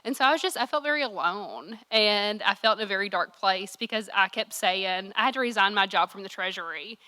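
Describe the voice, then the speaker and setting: Bright, chatty young woman with a Kentucky accent. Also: medium pitch, brisk. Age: young adult. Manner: candid, chatty, self-deprecating, with laughs. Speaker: keynote speaker. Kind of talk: personal speech at a summit.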